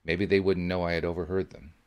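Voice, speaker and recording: Low-voiced man reading a story aloud. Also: clear, resonant tone, lo-fi sound. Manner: measured, steady first-person narration. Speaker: podcast host reading a book aloud. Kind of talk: audiobook-style reading.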